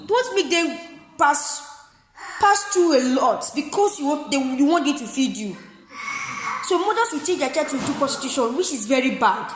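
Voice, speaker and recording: In a large, reverberant hall with slight background noise, a woman vlogger with a high-pitched voice pleads passionately with mothers straight to camera. She gives them advice, repeats herself often, and breaks off at times to tend her child.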